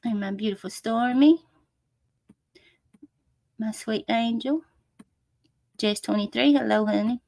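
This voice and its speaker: She's a livestream host reading comments in a relaxed chat, greeting fans affectionately and occasionally ranting with curses. Her voice is slightly high and a little mellow, slow with frequent pauses and vocal fry, captured in dry studio quality.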